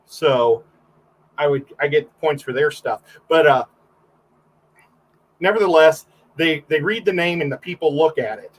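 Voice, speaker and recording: A man's voice: on the high side, unhurried, pauses often, low-quality recording. A man, a photographer, guesting on a livestream and telling rambling stories in casual chat, full of fillers and restarts.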